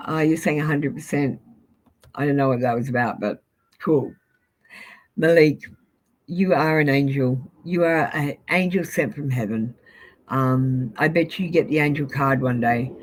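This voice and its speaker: A woman's voice: a bass voice, normal speed, poor audio. A woman, giving live-stream tarot readings in an abrupt, sweary manner and often apologizing. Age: 40s. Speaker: tarot reader.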